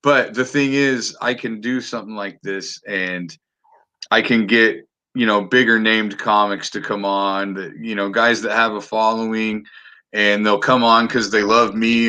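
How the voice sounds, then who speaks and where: Animated, bright-voiced man chatting on a podcast. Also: on the low side, normal speed. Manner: animated, swears freely, frequent restarts. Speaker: podcast host. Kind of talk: casual chat.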